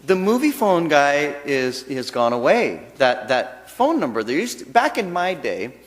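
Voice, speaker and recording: A man giving a temple dharma talk in a chatty, joking way, his pitch rising and falling in a lively manner. The long reverb of a large temple hall hangs behind his voice. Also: a little slow. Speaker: temple minister.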